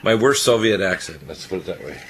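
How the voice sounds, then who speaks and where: Deep-voiced man giving rapid health advice. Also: lively intonation, crowd noise. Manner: rapid, rambling and opinionated. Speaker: radio show doctor. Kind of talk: talk radio health advice.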